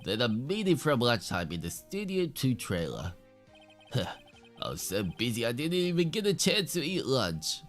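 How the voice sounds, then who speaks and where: Brief: a man putting on a sweaty nerdy director from a game, slow halting drawl, pitch swinging around. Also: huge pitch swings, faint music behind. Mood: rambling. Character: awkward nerdy male film director, sweaty and mumbling.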